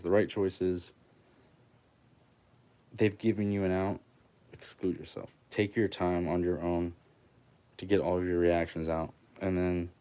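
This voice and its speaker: A man's voice: low voice, mellow. Blunt man on a livestream. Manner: blunt, swears freely, storytelling with quoted dialogue. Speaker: livestream host. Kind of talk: casual livestream chat.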